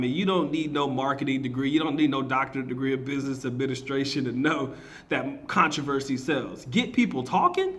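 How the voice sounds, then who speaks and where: A man's voice: medium pitch, sharp tone. A man, a marketing teacher, giving a slangy, casual reaction commentary, emphatic and often laughing.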